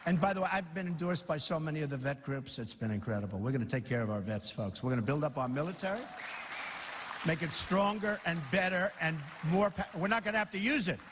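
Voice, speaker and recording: A man's voice: on the high side, quick pace, fairly bright tone, some chatter behind, slight background noise. A man giving an off-the-cuff campaign rally speech, rambling, repeating himself and mocking opponents in a boastful way. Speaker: political candidate. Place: large rally venue with a crowd. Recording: long hall reverb.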